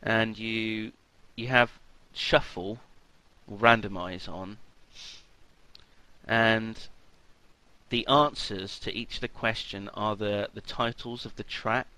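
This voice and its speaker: A man's voice: fairly low pitch, steady tone, slow pace, sharp tone, no room sound, low-quality recording. A man co-hosting a podcast in casual comedic banter, playful and giggly, leading an improvised bit. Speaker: podcast co-host.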